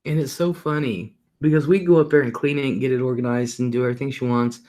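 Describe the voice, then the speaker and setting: A man's voice: medium pitch, fairly even intonation, fast talker, darkish tone. A middle-aged man hosting a livestream, talking casually and rambling about his day, often laughing and swearing offhandedly. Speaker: livestream host.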